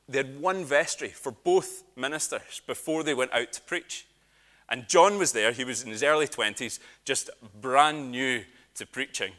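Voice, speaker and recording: A man with a Scottish accent preaching a sermon, telling stories with humour and asides. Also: mid-range voice. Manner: lively storytelling with humour and asides.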